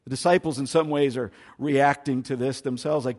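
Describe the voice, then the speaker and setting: A male pastor preaches with a husky, breathy edge to his voice. He swings between loud, pressing emphasis and soft, hushed asides, sounding like a sermon from the pulpit. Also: medium pitch, steady tone, moderate pace, hardly any pauses.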